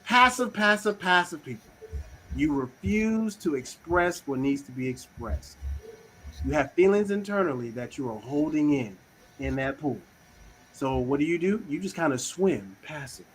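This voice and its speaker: A man hosting a casual talk on communication styles, slangy and animated, acting out little quoted voices. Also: on the high side, moderate pace, a little hiss or hum, poor audio. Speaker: host.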